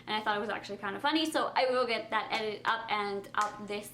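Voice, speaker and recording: A woman's voice: mid-range voice, quick pace, pushed and bright, a little hiss or hum. A young woman vlogging at home at night, talking casually to the camera with lots of fillers.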